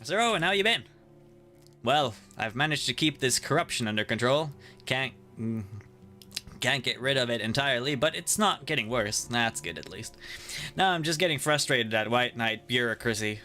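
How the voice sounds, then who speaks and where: A male streamer with a bright, forceful voice reads each character's dialogue aloud as he plays. He cracks jokes and laughs often between the lines, with faint music underneath. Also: mid-range voice, lively intonation, normal speed. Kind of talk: casual playthrough with voiced reading.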